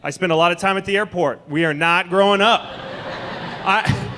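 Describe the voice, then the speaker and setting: A man performing a stand-up comedy set on a comedy club stage, talking in an animated, conversational, mocking way. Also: high-pitched, normal speed, slight background noise.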